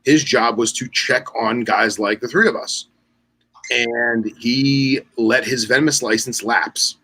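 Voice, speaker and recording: A man chatting loosely on a podcast with a bright, forward tone. He tells stories in an animated way and jumps into voices for the people he quotes. His speech stays loose, full of "like" and restarts, at an ordinary middle pitch. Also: slow pace, breathy edge, low-quality recording. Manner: animated storyteller acting out quoted dialogue; loose, with many fillers and restarts. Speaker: podcast co-host. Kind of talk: casual chat.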